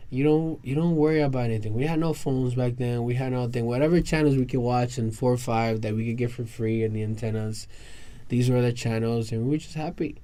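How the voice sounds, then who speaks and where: New guy on a podcast panel, chatty storyteller, mid pitched, rambles and restarts a lot. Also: a little fast, warm tone. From New York, USA. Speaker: podcast guest. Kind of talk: casual round-table storytelling. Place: round-table podcast recording with other guests.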